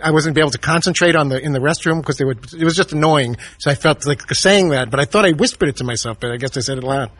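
A man with a New York accent, a show regular telling a rambling story on talk radio with many halting restarts. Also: a little high, fairly bright tone, slightly rough, no echo.

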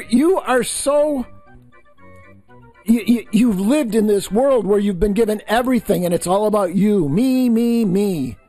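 A man's voice: high-pitched, warm tone, no echo. A man hosting a political talk show, ranting heatedly and scornfully, often tripping over and repeating his words. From New York State. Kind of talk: political commentary rant.

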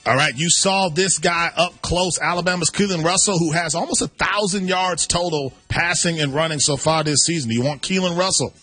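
A man's voice: on the high side, brisk, hardly any pauses, sharp tone, breathy edge, no room sound, soft background music. A man hosting a sports talk show, running a playful trade game with his co-host. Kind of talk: radio sports chat game segment.

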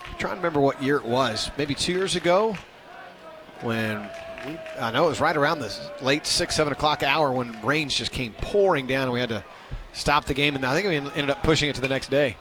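A man's voice: medium pitch, fairly quick, background noise. A man calling a baseball game play-by-play, chatty and self-deprecating, lifting his voice on big plays. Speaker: play-by-play announcer.

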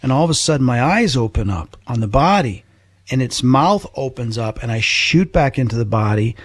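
A man's voice: medium pitch, animated, normal speed, husky, no echo. A man hosting a talk show, chatting casually and retelling his own story with some animation. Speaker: host. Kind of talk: casual chat.

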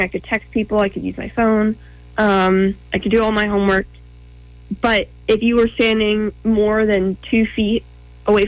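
A woman's voice: medium pitch, no echo, rough recording. A young woman telling her own story as an interview guest, earnest, with many ums and quoted thoughts.

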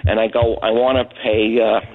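A man's voice: lowish voice, little pitch movement, moderate pace. A middle-aged man from Brooklyn calls in to a late-night radio show. His voice comes through a thin, tinny phone line. He rambles through a long anecdote, voicing each person in the story as he goes. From Brooklyn, New York. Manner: rambling, anecdotal, acts out other people's lines. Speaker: caller. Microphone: telephone.

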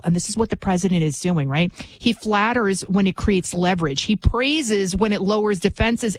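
A woman's voice: medium pitch, dry recording, low-quality recording. A woman giving an impassioned political monologue as a commentator, emphatic and repetitive, often tagging lines with a rhetorical "right?".

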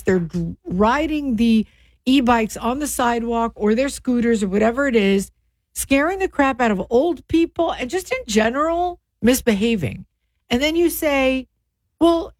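A middle-aged woman co-hosting a radio talk show, animated and opinionated in her chat. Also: on the high side, no room sound. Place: radio studio. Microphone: studio microphone.

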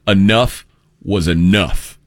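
Radio co-host, man, low voice, rambling banter in a dry studio. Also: slow pace, dry recording. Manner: rambling, restarts and loose storytelling.

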